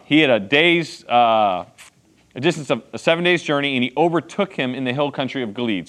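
A man's voice: medium pitch, a bit bright. A man teaching a Bible passage to a group in a casual, conversational way. He checks in often with "okay" and "right.". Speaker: pastor teaching a Bible study.

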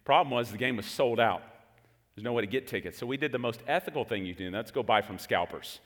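A pastor in his forties, raised in Texas, preaches a sermon in a fast, mid-range voice, telling the congregation an animated story full of jokes. The large hall with its audience gives the recording a long reverb.

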